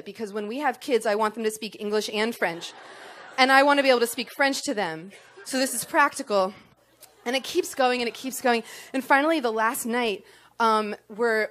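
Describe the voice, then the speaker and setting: A woman's voice: fairly high pitch, lively intonation, fairly quick, fairly bright tone. A young woman telling a comic personal story on stage to an audience, self-deprecating and full of ums.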